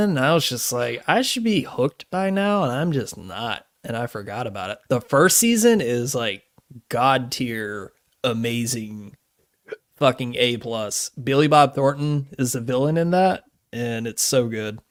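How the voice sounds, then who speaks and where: A man's voice: medium pitch, expressive, a little slow, dry recording, clean studio sound. A man co-hosting a podcast in casual chat, laid-back, swearing freely and laughing often. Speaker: podcast co-host.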